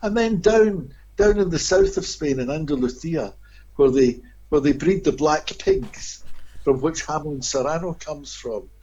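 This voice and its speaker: Male guest, expressive storyteller, slightly high and husky, on a muffled lo-fi recording. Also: a little slow. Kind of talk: anecdotal storytelling. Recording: dull lo-fi audio.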